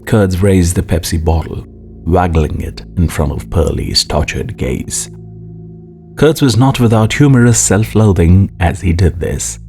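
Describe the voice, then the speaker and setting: A man narrating an audiobook in a measured, expressive way. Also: sits low. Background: faint music.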